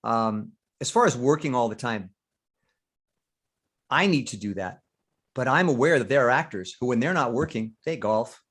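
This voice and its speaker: A man's voice: mid-range voice, moderate pace, long pauses, breathy edge. An older man, a veteran actor, talking candidly in an interview, acting out inner thoughts and swearing freely. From United States. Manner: animated, acts out inner voices, swears freely. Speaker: guest actor.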